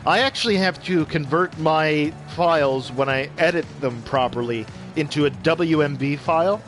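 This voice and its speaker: A man's voice: fairly high pitch, moderate pace, fairly bright tone. Chatty man narrating his basketball game. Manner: rambling and chatty, talking to viewers while playing. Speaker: gaming video host. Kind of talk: casual gameplay commentary with mock play-by-play. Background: faint game audio and music.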